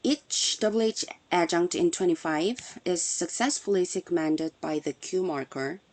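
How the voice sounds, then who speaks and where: A woman's voice: on the low side, a little mellow. A woman giving a scripted academic conference presentation, reading carefully and explaining step by step. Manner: reads carefully from prepared text, measured and explanatory.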